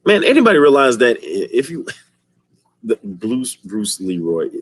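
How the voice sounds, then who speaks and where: Animated, laughing male streamer. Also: medium pitch, measured pace, husky, no room sound. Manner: animated storyteller, laughs often. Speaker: streamer chatting with viewers. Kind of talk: casual chat.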